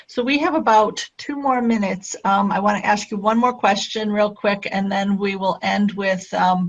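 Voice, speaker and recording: A woman host thanking her guest and asking quick wrap-up questions. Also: mid-range voice. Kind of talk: interview hosting. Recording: dull lo-fi call audio.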